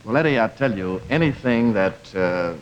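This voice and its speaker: A man speaking as a guest on a theater stage. He tells a story in a formal, oratorical style, with measured, deliberate phrasing. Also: lowish voice, lively intonation, a little hiss or hum. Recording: dull lo-fi 1950s television sound.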